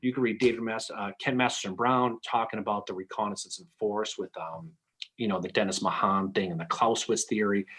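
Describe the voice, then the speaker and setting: A man's voice: lowish voice, fairly even intonation, a little fast, a bit bright, breathy edge. A man talking through a history topic on a casual podcast, thinking aloud with frequent restarts. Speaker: podcast panelist.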